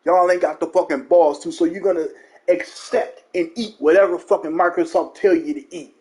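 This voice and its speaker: A young man with a high-pitched voice rants about video games on his own channel. He talks in a profane, mocking way and leans hard on his points. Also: steady tone, moderate pace, a little mellow. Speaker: gaming channel host. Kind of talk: ranting gaming commentary.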